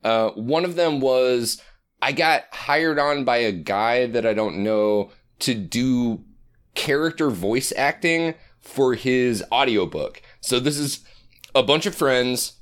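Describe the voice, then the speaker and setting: A man's voice: medium pitch, slow pace, smooth. A man in his thirties co-hosting a podcast in casual chat, rambling and swearing, sometimes slipping into a put-on announcer voice. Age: 30s. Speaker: podcast co-host.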